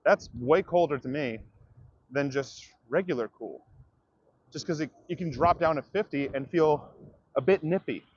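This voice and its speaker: A man's voice: a little high, moderate pace, a little mellow, breathy edge, no echo, lo-fi sound. A man livestreaming outdoors, ranting to his viewers in a profane, direct way. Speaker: comedian livestreamer. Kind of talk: livestream rant to chat.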